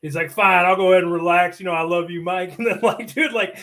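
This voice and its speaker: A man talking quickly on a livestream, a bit high-pitched for a man. He tells his stories in an excitable, profane rush. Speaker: guest streamer. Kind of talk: casual livestream chat.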